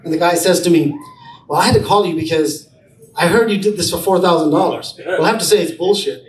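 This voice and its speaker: A man with a fairly high voice shares a personal story at an event, slipping into the voices of the people he quotes. He sounds a bit off-mic, and the room is echoey, with a faint hum of ambience underneath. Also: quick pace, far from the mic. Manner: anecdotal, acts out dialogue in quotes. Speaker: entrepreneur speaking at a brunch event.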